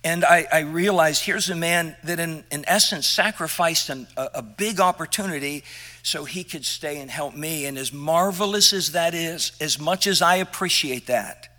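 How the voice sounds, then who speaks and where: Bright high-voiced preacher man. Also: moderate pace. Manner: impassioned preaching, rising emphatic and lively, dropping quiet at tender moments. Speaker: pastor. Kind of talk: sermon. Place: church sanctuary.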